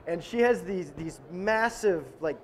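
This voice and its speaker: A film director, a man, telling stories in a casual interview in an animated, joking way and acting out voices. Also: sits high, measured pace.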